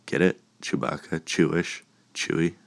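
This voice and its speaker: A man's voice: a bass voice, little pitch movement, a little slow, vocal fry, heavy background noise. A man hosting a casual solo podcast, rambling and joking, with a lingering cough. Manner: joking, rambling, laughs at own puns. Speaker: podcast host.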